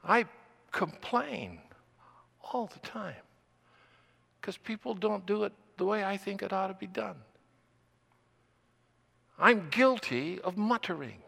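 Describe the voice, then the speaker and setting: Older male preacher, gravelly and bright, deliberate repetition, long hall reverb. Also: high voice, animated. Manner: slow, deliberate, repeating phrases for emphasis. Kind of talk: sermon.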